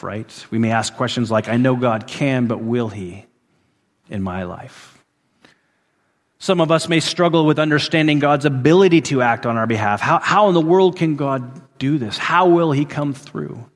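A pastor with a medium-pitched voice preaches a sermon, repeating phrases for emphasis. He rises to loud, emphatic peaks and drops to hushed endings, and the recording has a big-room sound.

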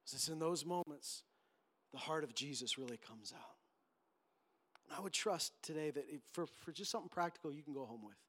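A man's voice: a little high, expressive, brisk, a bit bright. A man preaching a sermon as pastor, emphatic and impassioned, acting out quotes as he goes.

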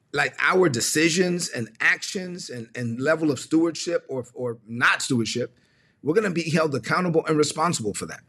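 A man preaching a livestreamed sermon with a bright, forceful edge and a slightly husky grain. His pitch sits a little high for a man. He drives points home with repetition and acts out short bits of dialogue. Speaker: pastor.

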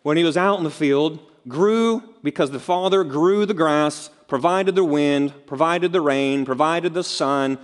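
A man's voice: on the high side, unhurried, few pauses. A man preaching a sermon as pastor, conversational and direct, with rhetorical questions and casual asides. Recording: long reverb of a large hall.

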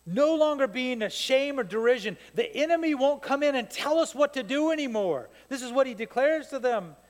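A man preaching a sermon as pastor, telling stories in an animated way that builds to fired-up peaks. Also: very high-pitched, fairly quick, hardly any pauses. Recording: long hall reverb.

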